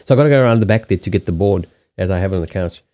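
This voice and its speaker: Rambling low-voiced man on a dull stream mic. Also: very fast, warm tone. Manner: rambling, many restarts, casual swearing. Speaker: live streamer and card reader. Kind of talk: casual live-stream chat. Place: desk in a small home. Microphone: desk microphone on a stand.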